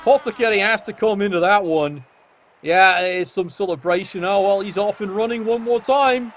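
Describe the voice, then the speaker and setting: A man's voice: high voice, normal speed, lo-fi sound, a little hiss or hum. A man giving cheeky, sardonic commentary on a tabletop game match.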